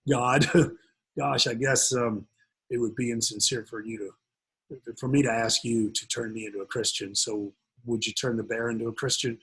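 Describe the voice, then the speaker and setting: A man voicing a frightened male professor who stammers while bargaining for help, with a husky voice. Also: medium pitch, level tone, moderate pace, fairly bright tone, low-quality recording. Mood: sheepish.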